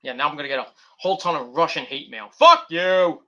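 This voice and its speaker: A man with a mid-range, sharp-toned voice talks very fast in a muffled recording, vlogging wrestling reviews. The commentary is rambling and casual, loaded with swearing and tangents.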